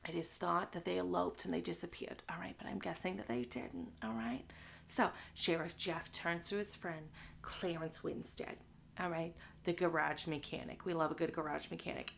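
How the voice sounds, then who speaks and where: Woman, young adult, gravelly voice, livestream host, casual crude chat. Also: lowish voice, normal speed, a bit bright, a little hiss or hum. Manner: chatty, crude, tags lines with "all right?". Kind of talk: casual chat to a live audience.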